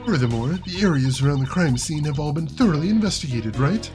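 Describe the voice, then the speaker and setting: A man voicing a proud, scornful young female prosecutor in a game, reading her lines in a slightly lower, condescending tone. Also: lively intonation, fast talker, over music, natural voice. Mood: haughty.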